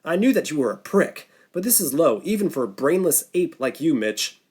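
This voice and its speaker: A man voicing a scornful, sharp-tongued woman. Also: on the high side, sing-song, normal speed, breathy edge. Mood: accusing. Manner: scornful, accusing.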